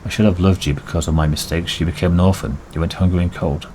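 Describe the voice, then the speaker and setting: Sorrowful old grandmother pleading for forgiveness, read by a man in a deep voice. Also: steady tone, quick pace, dark tone, slight background noise, lightly acted. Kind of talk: reading game dialogue aloud.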